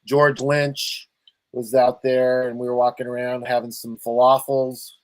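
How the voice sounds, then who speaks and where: A man's voice: medium pitch, level tone, measured pace, no echo, low-quality recording. A man from Los Angeles hosting his own show, chatting loosely and rambling over a video call, with easy laughs. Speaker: talk show host. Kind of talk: casual video call chat.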